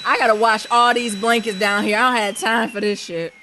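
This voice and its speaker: A woman's voice: on the high side, fairly even intonation, a little fast, sharp tone, a little hiss or hum, poor audio. A woman co-hosting a podcast at home, shrieking and swearing in panic during casual chat. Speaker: podcast co-host.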